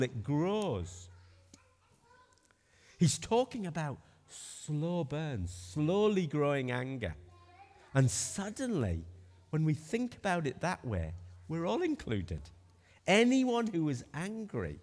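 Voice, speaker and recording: Emphatic preacher, lively. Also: male voice, on the high side, long reverb tail. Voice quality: emphatic, asks rhetorical questions. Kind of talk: sermon.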